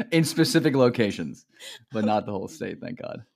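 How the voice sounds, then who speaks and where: A man's voice: on the low side, big pitch swings, moderate pace, creaky. Laid-back joking man from New Jersey. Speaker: podcast guest. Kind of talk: casual chat.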